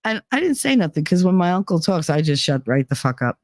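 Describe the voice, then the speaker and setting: Woman podcast host, low voice, dry close sound, swears freely and laughs through her stories. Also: sing-song, a little fast, a little mellow, no echo. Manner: candid and profane, laughing between lines. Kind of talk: casual personal storytelling.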